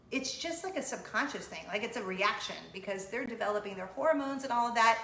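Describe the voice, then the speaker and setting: A woman's voice: fairly high pitch, a bit bright. Bubbly, giggly woman vlogger. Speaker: host, mother. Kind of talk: casual chat vlog. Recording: roomy room with faint hum.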